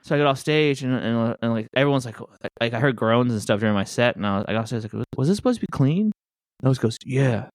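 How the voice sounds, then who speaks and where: A man who does stand-up, chatting casually and telling stories with quick voiced asides. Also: mid-range voice, steady tone, no echo, studio quality. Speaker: podcast host and stand-up comic. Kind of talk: casual chat.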